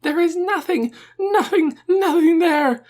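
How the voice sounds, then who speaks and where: A man voicing a frantic madman who wails out a stream of despairing words in a high, rapid voice. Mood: frantic wailing. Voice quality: shrill, shouting.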